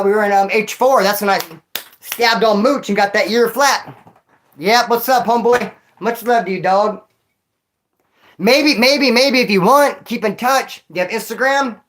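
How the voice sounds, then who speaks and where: Man streamer, relaxed slangy storyteller, addresses a viewer on stream. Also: sits high, normal speed. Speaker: former prisoner streamer reading chat. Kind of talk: casual livestream chat and storytelling.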